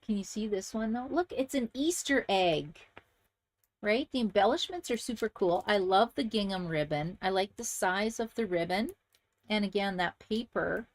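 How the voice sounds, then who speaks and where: A woman's voice: medium pitch, lively intonation, normal speed, a little mellow. A woman hosting a crafting channel, chatting casually and enthusiastically to viewers as she shows handmade card samples.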